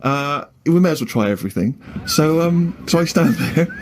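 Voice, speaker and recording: A man with an animated delivery, telling a comic story on a podcast and acting out the quotes. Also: on the high side, moderate pace. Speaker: co-host. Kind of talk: anecdote in a comedy podcast. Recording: background noise.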